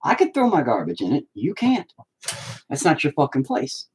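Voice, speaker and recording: A man's voice: fairly high pitch, huge pitch swings, moderate pace, breathy edge, low-quality recording. A man ranting in a profane, rambling way while painting in a casual vlog at home. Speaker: vlogger.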